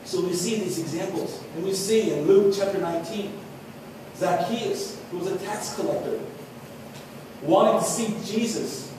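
A man preaching a sermon as pastor, earnest, dropping softer when quoting scripture. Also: sits high, a little slow, noisy background. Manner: earnest preaching, drops to soft tones for quotes. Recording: echoey hall from far off.

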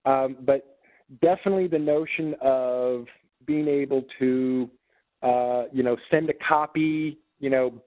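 A man telling a personal story as an interview guest, speaking haltingly with many fillers and restarts. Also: medium pitch, steady tone. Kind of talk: casual storytelling. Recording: tinny phone-like call audio.

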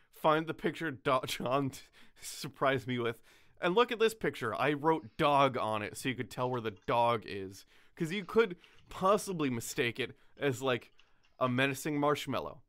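Male podcast host, mid pitch, rambling casual chat with frequent laughter. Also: lively intonation, normal speed, a bit bright, clear, resonant tone. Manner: rambling, laughing often, filler-heavy.

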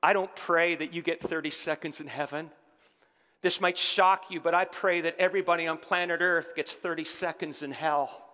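A male pastor preaching to his congregation in a bright, forceful, slightly high voice. He builds fervor and calls out to the room. A long church-hall reverb trails his words. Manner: preaching with rising fervor and call-outs to the congregation. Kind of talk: sermon. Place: church sanctuary.

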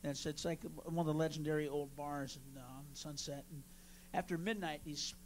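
A man doing a stand-up routine on a club stage, brash and profane, working the crowd and bursting into shouts. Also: a little high, steady tone, moderate pace, a little hiss or hum. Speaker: stand-up comedian.

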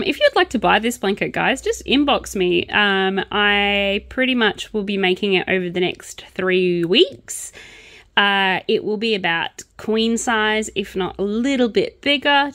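A woman's voice: medium pitch, fairly bright tone, no echo. A woman vlogger chatting casually and sarcastically about true crime while she crochets.

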